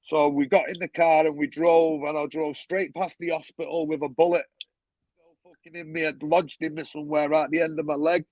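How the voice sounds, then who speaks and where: A man's voice: a little high, level tone, brisk, a little mellow, no echo, low-quality recording. A man telling stories as a guest on a talk show, blunt and swearing freely, with a lot of "you know what I mean". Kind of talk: casual storytelling.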